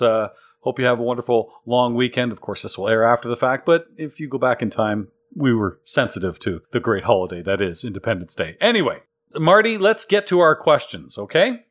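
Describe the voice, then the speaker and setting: A man's voice: medium pitch, fairly bright tone. A man hosting a pinball trivia podcast, introducing contestants in an upbeat announcer manner. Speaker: podcast host. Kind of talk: game-show style hosting.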